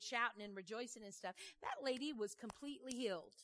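A woman preaching a sermon, telling a story in a lively, conversational way, with folksy phrasing and questions tossed to the congregation. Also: fairly high pitch, a little fast, hardly any pauses. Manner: animated, conversational, asks the crowd questions.

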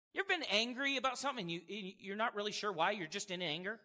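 Male preacher, high and bright voice, big swings in pitch, animated sermon, echoing hall. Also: fast talker, hardly any pauses. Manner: animated, acts out scripture voices, asks the crowd questions. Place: church hall. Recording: echoey hall reverb.

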